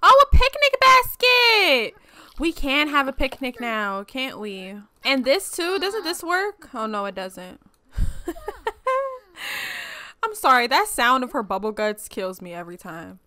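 In a dry recording, a young woman with a fairly high, slightly slow voice gives let's-play commentary on a life-sim game for her gaming channel. She's chatty and animated, tossing in playful slang and laughing frequently.

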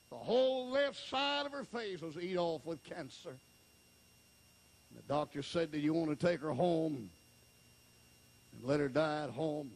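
A man preaching an emotional revival sermon, repeating phrases and swinging from hushed storytelling to high shouts. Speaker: evangelist preacher.

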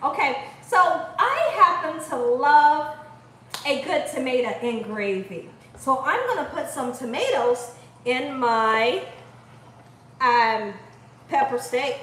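A woman's voice: high-pitched, lively intonation, slow, a bit bright. A woman from Ohio hosting a home cooking show, chatting and laughing with her viewers as she cooks. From Columbus, Ohio. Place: home kitchen. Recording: echoey room, voice far from the mic.

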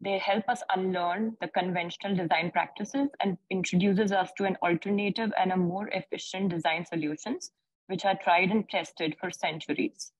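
A woman designer answers a panel question with a husky, fairly low voice. The sound is dry and close, and her phrasing is measured and slightly formal. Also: steady tone, dry recording, rough recording.

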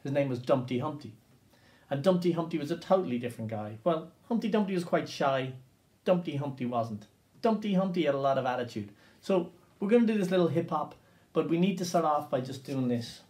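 A man's voice: fairly high pitch, lively intonation, a little fast, darkish tone. A man leading an interactive percussion class for children, upbeat and coaxing, counting beats aloud for listeners to copy. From Ireland. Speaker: drumming teacher.

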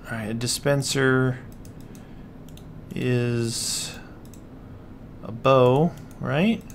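Slow-talking dismayed gamer guy. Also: medium pitch, fairly even intonation, slight background noise. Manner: dismayed, keeps exclaiming and muttering to himself while playing. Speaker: gaming channel host. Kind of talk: casual let's-play commentary.

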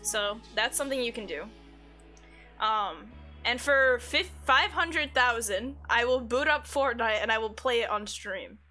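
A woman's voice: fairly high pitch, lively intonation, a little slow, bright, forceful tone. A woman live streamer in casual chat, reading her chat aloud, swearing freely and giggling often. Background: faint background music.

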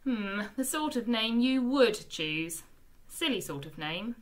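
A woman voicing a gruff, brusque old male Womble who keeps the stores, in a read-aloud storybook. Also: a little high, expressive, slow. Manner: brusque, grumbling.

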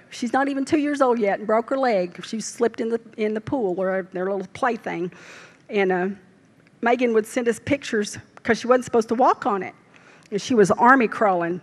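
An older woman with a drawl preaches to her congregation in a folksy, storytelling way. Her voice sits a little high for a woman. She speaks in homespun, down-home turns of phrase. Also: normal speed, long reverb tail. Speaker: lay preacher. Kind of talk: folksy sermon. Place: church service.

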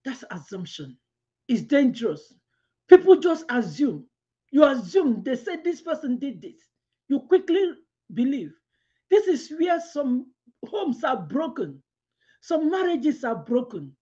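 A woman giving a devotional teaching, mixing scripture with a personal story in an animated, chatty way. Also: sits high. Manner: animated storytelling, quick asides, laughs while telling. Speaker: devotional speaker. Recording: lo-fi dull sound.

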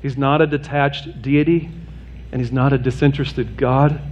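A man's voice: steady tone, normal speed, darkish tone, highs cut off, a little hiss or hum. A man preaching a sermon as pastor to his congregation, earnest and direct, mixing plain humor with a rising, urgent appeal. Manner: earnest, rises in pitch and intensity toward an urgent appeal. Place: church sanctuary.

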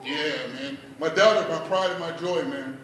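A man's voice: on the high side, normal speed, a bit bright, a little hiss or hum. A man doing a laid-back stand-up comedy set at an open mic, peppering his lines with "man" and "like". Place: bar performance room. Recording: echoey room, mic heard from a distance.

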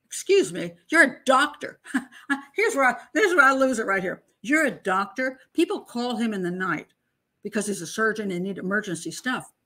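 Bright and forceful, her voice sits a little high and stays expressive at a moderate pace. She's an older woman, a criminal profiler and channel host, tearing into testimony on a casual true-crime show, emphatic and incredulous, imitating witnesses in mocking acted voices.

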